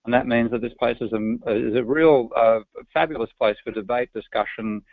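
A man's voice: medium pitch, fairly even intonation, normal speed, dry recording. Australian man on a tinny line. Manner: frank, opinionated, self-correcting restarts. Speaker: guest. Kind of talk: podcast interview answers. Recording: dry, tinny phone-line sound.

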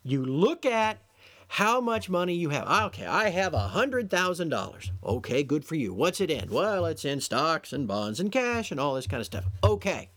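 A man talks alone into the mic as a podcast host, scolding his listeners with sarcastic exasperation. His pitch swoops up and down in animated arcs as he lectures. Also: moderate pace. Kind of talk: solo commentary monologue.

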